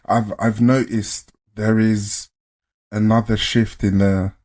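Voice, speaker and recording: A man's voice: on the low side, flat delivery, slow, a little mellow. A young man, co-hosting a podcast in casual chat, throwing in jokes and asides. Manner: joking, chuckling asides. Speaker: podcast co-host.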